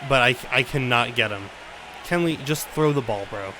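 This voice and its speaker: A young man commenting on his own baseball video game play, venting frustration, swearing and swinging between loud outbursts and low mutters. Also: moderate pace, background noise. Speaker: gaming YouTuber.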